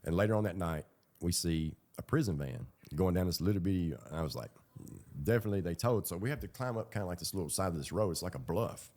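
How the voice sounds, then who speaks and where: Talking fast and expressively, his voice sitting low with a darkish tone, a man rambles through a personal story in casual, colloquial speech, laughing and using fillers as he goes.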